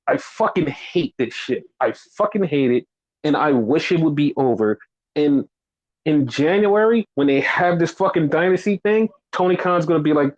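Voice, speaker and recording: A man's voice: on the high side, expressive, normal speed, muffled recording. A man co-hosting a wrestling podcast, ranting with heavy swearing and exasperation, mocking fans in quoted voices. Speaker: podcast co-host.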